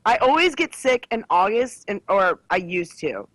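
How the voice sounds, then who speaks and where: A woman's voice: mid-range voice, sing-song, normal speed, dry recording, low-quality recording. A woman co-hosting a podcast in casual, jokey chat, slipping into silly voices. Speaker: podcast co-host.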